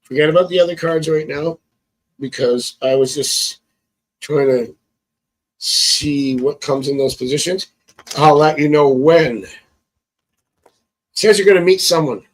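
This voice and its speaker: Slightly high-voiced male tarot reader on a casual phone live stream, chatty and prone to chuckles. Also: measured pace, pauses often, low-quality recording. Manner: chatty, thinks aloud, chuckles often.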